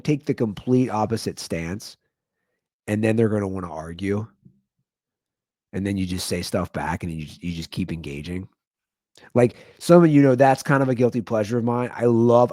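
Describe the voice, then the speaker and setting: A man in his thirties hosting his own comedy podcast, rambling through a monologue and jumping into high, incredulous exclamations. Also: dark tone, no room sound, clean studio sound.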